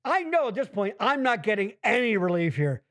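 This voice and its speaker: A high, lively man's voice hosting a casual comedy podcast from a basement. He rambles through gripes and chat comments and swears freely. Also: a little fast. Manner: profane, animated, rambling, reads chat comments aloud. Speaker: podcast host. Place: home basement.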